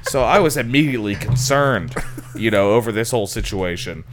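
A man's voice: fairly low pitch, lively intonation, brisk, music in the background. A young man co-hosting a podcast, telling a rambling story in casual chat, laughing and mimicking voices. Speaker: podcast co-host.

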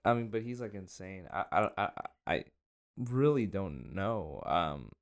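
A young man hosting a casual podcast chat, talking in halting bursts with many restarts and self-deprecating asides. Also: sits low, lively intonation, vocal fry. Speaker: podcast host.

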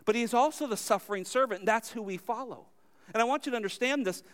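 A high-pitched man delivers a sermon with real emphasis. He poses questions to the congregation and answers them himself, his voice leaping up loud and then sinking low and soft. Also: fast talker. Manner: emphatic, swinging between loud high lines and low quiet ones. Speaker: pastor.

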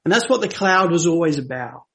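A man delivers a sermon with a notably high voice. His storytelling is dramatic. Hushed passages give way to ringing, emphatic declarations. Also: animated, fairly quick. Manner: dramatic, swings from hushed to emphatic when quoting scripture. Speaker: preacher.

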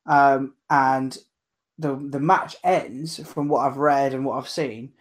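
A man recapping matches in casual chat, hesitant with many pauses and ums. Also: mid-range voice, fairly even intonation. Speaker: podcast co-host.

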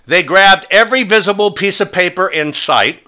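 A man's voice: high voice, normal speed, bright, forceful tone. A male talk show host delivering a combative, sneering monologue.

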